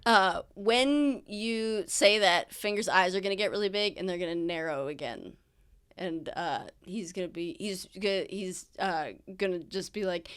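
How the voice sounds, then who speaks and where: A woman's voice: lowish voice, measured pace, fairly bright tone, clean tone. A woman narrating a tabletop game as game master in a loose, chatty way.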